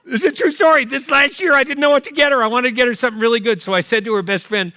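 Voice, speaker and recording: A middle-aged man does stand-up at a live fundraiser, bantering loudly with the audience. His voice sits high and rings very bright. The sound is dry and close. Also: animated, fast, few pauses, dry recording. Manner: loud, teasing, punchy crowd work. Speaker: comedian performing at a fundraiser. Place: event hall, live on stage.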